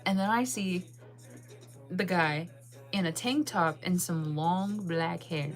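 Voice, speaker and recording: A young woman telling a story in a casual, animated way, acting out her own reactions in a higher voice and laughing often. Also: slow pace, faint music behind. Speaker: channel host.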